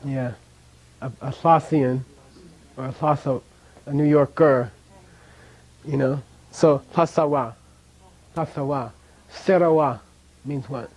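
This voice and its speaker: A man's voice: mid-range voice, steady tone, takes it slowly, pauses often, darkish tone, rough recording. A man teaching a language class, patiently repeating sounds for his students and chuckling now and then as he explains. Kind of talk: classroom lesson with drills.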